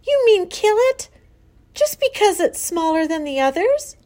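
A woman voicing a passionate, stubborn eight-year-old farm girl in a storybook read-aloud, crying out in shrill pleas. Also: very animated, measured pace, a little mellow, heavily acted. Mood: distraught, pleading. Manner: shrill pleading cries.

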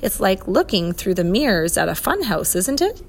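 A woman voicing a clever, kindly male professor in a storybook reading, brisk and reassuring. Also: medium pitch, big pitch swings.

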